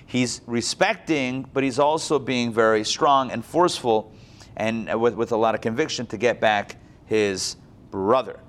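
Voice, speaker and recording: A man's voice: medium pitch, unhurried. A man teaching a casual Bible class, talking conversationally with many restarts.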